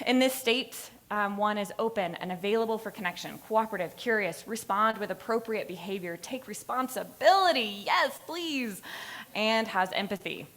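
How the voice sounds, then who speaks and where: A woman giving a class presentation, telling stories with energy, acting out moments and laughing at herself. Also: mid-range voice. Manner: animated storytelling, acting out moments; laughs at her own stories. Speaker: student presenter. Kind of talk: lively capstone presentation.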